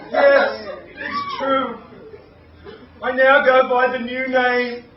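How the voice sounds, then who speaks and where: A man's voice: very high-pitched, wildly swooping pitch, extremely slow, over a noisy crowd, voice pushed up, heavily acted. A man performing a rhyming spoken-word piece as a bitter, sardonic male gladiator, in a mocking, rhythmic delivery. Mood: bitter sarcastic. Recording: distant, roomy lo-fi live recording with ambient noise.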